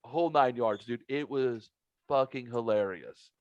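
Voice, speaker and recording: A man telling a story on a podcast, swearing freely and getting animated as he goes. His voice sits in a middle register. The recording is dull and dry, with no room sound. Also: medium pitch, unhurried, no echo. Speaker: podcast host. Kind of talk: casual podcast chat.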